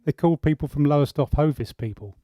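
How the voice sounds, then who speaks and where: Mellow English host, teasing chat. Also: male voice, on the high side, fairly quick, no room sound, clean studio sound. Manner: teasing, laughs easily. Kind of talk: casual live-stream chat.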